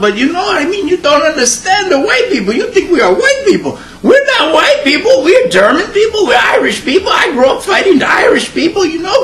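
Man doing an excitable Italian-American guy, loud laughing rant, high lively voice. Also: full character voice. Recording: echoey room with faint hum.

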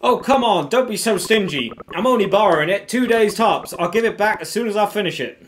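A man's voice: high-pitched, lively intonation, a little fast, slight background noise, pitched above the performer's own voice. A man reading a game's dialogue aloud, voicing an eager, cheeky young girl in a raised, pleading, sing-song voice.

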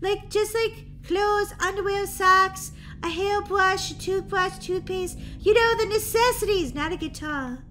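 A woman's voice: extremely high pitch, a little slow, sharp tone, faint music behind, voice pushed up, full character voice. A woman voicing a bossy, skeptical teenage sister who talks in a sassy, teasing way, over faint background noise.

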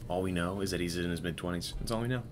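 A man's voice: sits low, rapid-fire, noisy background. A man hosting a live stream, chatting casually and playfully with viewers while he works. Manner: playful, teasing, talks to chat while working.

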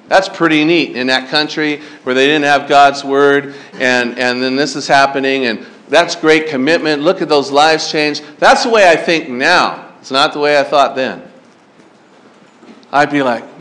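Lively high-voiced pastor preaching. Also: male voice, unhurried. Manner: animated storytelling, acts out his younger self; asks the crowd questions. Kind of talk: sermon to teen campers.

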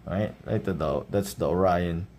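A man with a Filipino accent doing a casual unboxing vlog, showing things off in a relaxed way and often adding a questioning "right?". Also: sits low, unhurried, a little hiss or hum. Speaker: knife reviewer.

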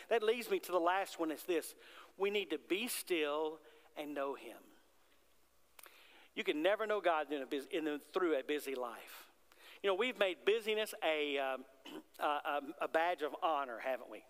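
A man's sermon, delivered in a high, light voice. He keeps it conversational and keeps asking the congregation questions. The sound has the long reverb of a large church sanctuary. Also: fairly bright tone. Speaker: pastor.

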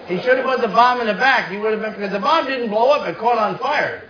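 Brash middle-aged comic. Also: male voice, high-pitched, expressive, quick pace, a crowd in the background, noisy background. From New Jersey. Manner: brash storytelling with punchy asides. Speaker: stand-up comedian. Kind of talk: stand-up comedy set. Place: comedy stage before a live audience. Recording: echoey, distant, muffled live room.

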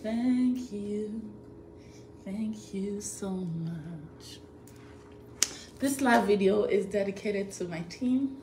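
A woman on a live stream, thanking fans over and over, laughing often and drawing out slow thank-yous. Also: mid-range voice, dark tone, a little hiss or hum. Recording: echoey room with faint ambience.

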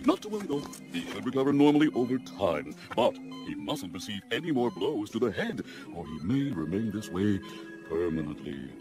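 A man voicing a calm, pompous male fish doctor in a cartoon with a formal bedside manner. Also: lowish voice, normal speed, music in the background. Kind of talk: cartoon voice acting.

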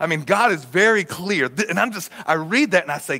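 A pastor preaching in a church, his voice sitting a touch high for a man. He talks in a loose, conversational way, and his stories build to sudden shouts. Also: animated, brisk, hardly any pauses. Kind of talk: sermon. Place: church auditorium.

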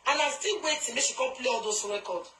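High, sharp-voiced woman ranting in Pidgin. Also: quick pace, echoey room, rough recording. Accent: Nigerian Pidgin English. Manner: confrontational, scolding, emphatic repetition. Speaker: social media commentator. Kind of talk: live video rant to viewers.

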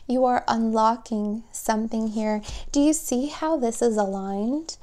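A woman giving a spoken tarot reading, gentle and emotional, speaking softly and warmly to her viewers. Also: on the high side, fairly even intonation. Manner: slow, soft, gentle and emotional. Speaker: tarot reader.

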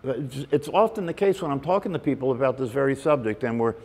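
A man's voice: medium pitch, quick pace, darkish tone, slightly rough. A man giving a conversational meditation talk to a group, often checking in with "right?" and "you know". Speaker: meditation teacher. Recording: long reverb in a hall.

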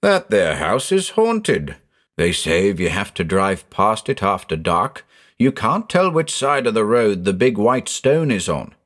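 A man voicing an excitable, superstitious middle-aged farmer with a folksy rural American drawl. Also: fairly low pitch, unhurried, full character voice. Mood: excited.

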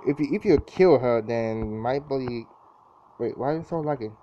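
A man's voice: medium pitch, normal speed, warm tone. A young man commentating his own gameplay in a casual, jittery way, exclaiming often and repeating himself. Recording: dull lo-fi mic with clear background noise.

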